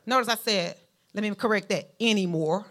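A woman with a Southern Alabama drawl preaching a sermon, folksy and emphatic, talking straight to her congregation. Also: normal speed. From Mount Vernon, Alabama, US. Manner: animated preaching with a lively pitch, rising to emphatic peaks; folksy, speaks directly to the congregation.

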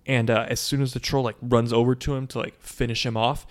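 A man co-hosting a casual chat, retelling a film in a profane, animated way. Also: medium pitch, brisk. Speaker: podcast co-host.

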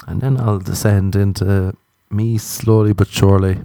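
A man's voice: level tone, normal speed, vocal fry, mellow, dry recording, clean studio sound. A young Irish man telling self-deprecating comic stories in a casual monologue. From Ireland. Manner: self-deprecating, jumps into silly high voices for quotes.

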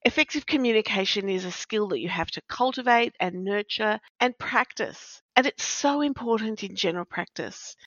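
A woman hosting a podcast, explaining in a measured, explanatory way and stressing key words. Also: mid-range voice, a bit bright, dry recording. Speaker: podcast host, practice faculty manager. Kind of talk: scripted-sounding podcast chat. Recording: dry, slightly dull lo-fi recording.

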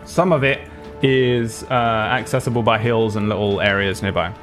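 A man's voice: on the low side, fairly even intonation, normal speed, a bit bright, faint music behind. A young man narrating as game master in a tabletop game, rambling casually with lots of fillers and frequent laughs.

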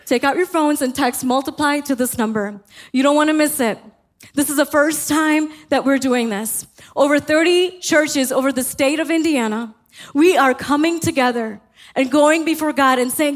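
A woman's voice: high voice, normal speed. A woman pastor preaching a sermon in a church, fervent and building into passionate exhortation. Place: church sanctuary.

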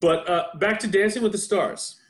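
A man in his forties hosting a casual chat over a video call, an animated storyteller who laughs often. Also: high voice, moderate pace. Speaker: podcast host. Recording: roomy echo.

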